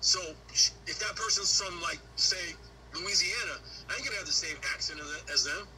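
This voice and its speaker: A man's voice: high-pitched, moderate pace, music in the background, low-quality recording. A man from Honduras, a podcast guest, talking bluntly and profanely in a heated casual conversation.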